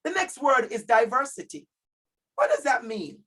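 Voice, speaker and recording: A man with a Jamaican accent giving a lively workshop talk to parents over a video call, stressing key words by repeating them and calling out audience members by name. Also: very high voice, moderate pace, breathy edge. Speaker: keynote speaker at a parent conference.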